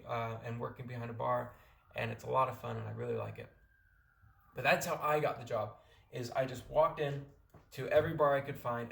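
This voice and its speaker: A man's voice: medium pitch, creaky, reverberant. A young American man from California giving casual, rambling advice in a vlog. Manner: rambling, many restarts and fillers. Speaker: vlogger.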